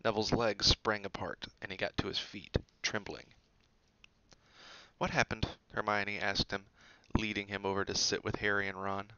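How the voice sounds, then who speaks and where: A man with a low, gravelly voice and a bright, forceful edge reads a storybook aloud. His narration is steady and expressive. The recording is dull and dry. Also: moderate pace, dry recording. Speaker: audiobook reader.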